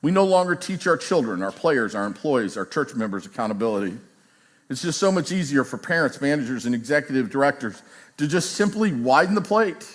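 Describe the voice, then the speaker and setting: A man's voice: medium pitch, a little fast. Man preaching a story. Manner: animated storyteller, acts out quoted voices. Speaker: pastor. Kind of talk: sermon storytelling. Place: church.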